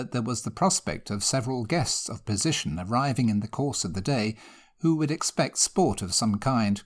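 A man reading a classic ghost story aloud, in a measured, expressive storytelling manner. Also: medium pitch. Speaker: narrator. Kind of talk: scripted narration of a ghost story.

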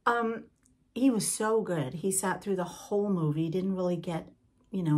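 A woman's voice: on the low side, moderate pace, darkish tone. An older woman from Britain hosting a podcast in a casual, rambling chat with asides to the listener. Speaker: podcast host.

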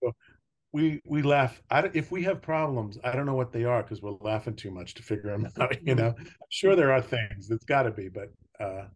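A man in his sixties, a podcast guest, telling personal stories in casual conversation, laughing often and trailing off between thoughts. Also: mid-range voice. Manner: warm storytelling, laughing often, trailing pauses.

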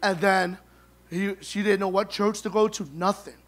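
A middle-aged man telling funny, animated stories at a memorial service, acting out the dialogue. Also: high-pitched, moderate pace. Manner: humorous, animated, acts out dialogue. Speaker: son giving a eulogy. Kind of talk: storytelling eulogy at a memorial service.

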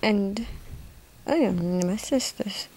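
A woman voicing a smug male cannibal mastermind in an amateur role-play monologue, slipping into soft whispers. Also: medium pitch, close to an everyday voice. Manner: slow, drifting into soft whispers.

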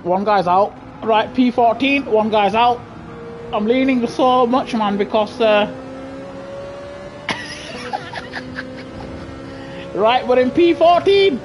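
A man with a British accent giving chatty, excitable live commentary on a racing game over a headset mic, laughing often and grumbling in mock outrage. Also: extremely high pitch, very slow, long pauses, music in the background. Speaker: gaming streamer. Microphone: gaming headset.

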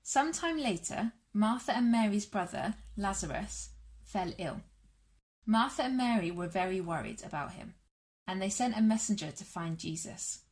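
A woman reading a Bible story aloud to children and families in a church all-age session, measured and warm. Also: mid-range voice, animated.

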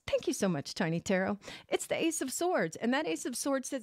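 A woman hosting a casual tarot podcast, expressive and animated, laughing often as she talks. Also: high-pitched, moderate pace, no room sound, studio quality. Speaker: podcast host and tarot reader. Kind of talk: casual solo podcast chat with a tarot reading.

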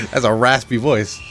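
A man giving excited, self-mocking commentary over his own fighting-game matches, groaning at losses and cheering at wins. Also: mid-range voice, slight background noise. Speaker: gaming channel host. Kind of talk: live gameplay commentary. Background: game music and sound effects.

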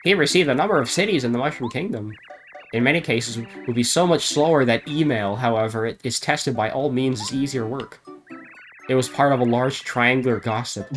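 A man on a live stream reading garbled game dialogue aloud in a deadpan comic voice, often breaking into laughter. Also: medium pitch, a little fast, faint music behind.

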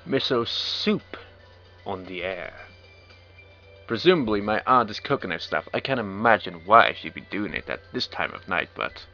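Male let's player, lowish sharp voice, dry sarcastic asides while reading game text. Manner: wry, sarcastic asides between read lines. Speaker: let's play commentator. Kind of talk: reading game text aloud with joking commentary. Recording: dull lo-fi recording with faint game music.

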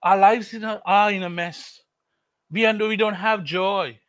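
A man's voice: sits high, fairly even intonation, unhurried, a bit bright, a little hiss or hum. A man preaching a sermon, earnest and repetitive, telling a story to make his point. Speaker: pastor.

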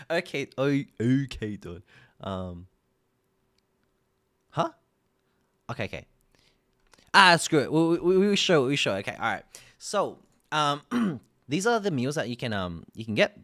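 A man's voice: mid-range voice, very animated, unhurried, pauses often, dry recording, studio quality. An Australian man live streaming, chatting casually and rambling through a sponsored ad with frequent laughs and self-corrections.

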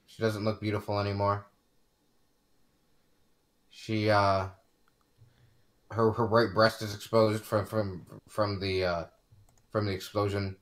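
A man's voice: on the low side, little pitch movement, takes it slowly, long pauses, fairly bright tone. A man narrating his part in a tabletop game, hesitant, with fillers and repeated words.

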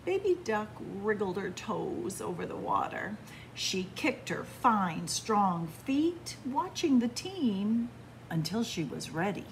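A woman children's librarian reading a picture book aloud, in a slow, animated storytelling manner. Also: medium pitch, a little hiss or hum.

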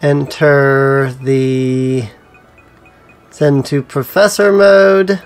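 A man's voice: mid-range voice, steady tone, very slow, clear, resonant tone, faint music behind. A man giving casual gameplay commentary as a let's play host, musing to himself with frequent ums.

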